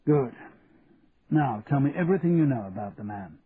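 A man's voice: mid-range voice, animated, normal speed, close to an everyday voice. A man voicing a chummy Cockney businessman in his sixties with blunt, matey banter. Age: 60s. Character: sixty-four-year-old Cockney businessman, shrewd and chummy. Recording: tinny lo-fi audio with faint hiss.

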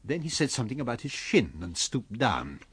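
A man reading a novel aloud as an audiobook narrator with expressive storytelling. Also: mid-range voice, moderate pace, breathy edge. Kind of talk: scripted narration.

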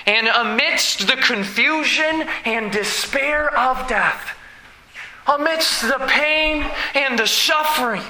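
A man preaching a sermon as pastor, slow and emphatic, with dramatic pauses. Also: very high-pitched, sharp tone, reverberant, low-quality recording.

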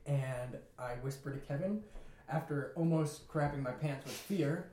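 A young man casually telling a story in a lively way, acting out what people said. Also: mid-range voice, normal speed, slight background noise. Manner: animated, laughing, acts out quotes. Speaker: podcast co-host telling a story. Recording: echoey room.

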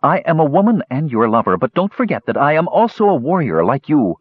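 A man's voice: high-pitched, huge pitch swings, unhurried, no room sound, voice pushed up, heavily acted. Man voicing a bold young woman warrior. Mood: firm. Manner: firm, bold. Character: young female warrior lover, bold and firm. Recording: dull dry lo-fi recording.

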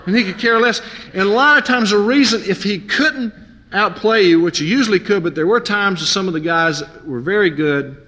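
A preacher recounts stories from his youth during a sermon, animatedly mimicking his friends' voices as he goes. His voice is high-pitched and a little fast, and the recording carries long hall reverb.

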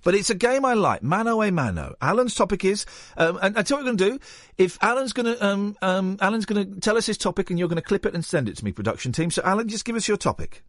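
A man's voice: high voice, big pitch swings, fast talker, dry recording, studio quality. A man hosting a radio show in a playful, rambling, teasing way. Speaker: radio host. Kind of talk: casual radio chat. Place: radio studio.

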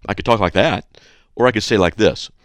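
A man hosting a radio show, reading listener mail aloud with sarcastic, animated commentary and frequent throat clearing. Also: on the low side, fairly quick, no echo.

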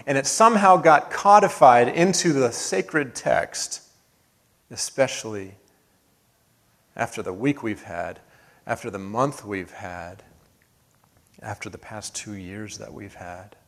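A man preaching a sermon as pastor, earnest, building to emphatic peaks and then dropping soft. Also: medium pitch, expressive, slow. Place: church sanctuary.

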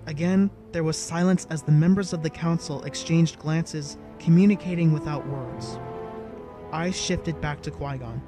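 A man reading a story aloud in an even, measured narration style. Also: fairly high pitch, faint music behind. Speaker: audiobook narrator. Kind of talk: scripted narration.

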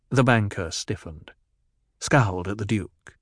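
A man narrating a story in a steady, even storytelling manner. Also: mid-range voice, normal speed, no echo, studio quality. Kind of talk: scripted audiobook narration.

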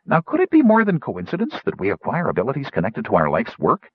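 A bossy, fussy old gnome with a high, shrill voice that swoops up and down , as a man puts him on for an audiobook. He talks in a grand, declaiming way. The recording is dry and a little dull. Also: huge pitch swings, fast talker, no echo. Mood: musing.

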